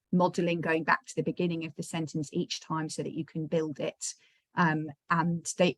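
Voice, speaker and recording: A woman's voice: low-pitched, no echo. A woman hosting an online training session, chatty and encouraging, with many fillers, on a video call. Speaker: session host.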